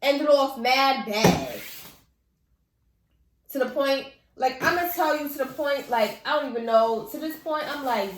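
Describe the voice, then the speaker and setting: Profane, animated young New woman. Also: fairly high pitch, normal speed, reverberant. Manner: animated, blunt and profane, heavy slang. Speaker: vlogger telling a personal story. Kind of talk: casual storytime vlog.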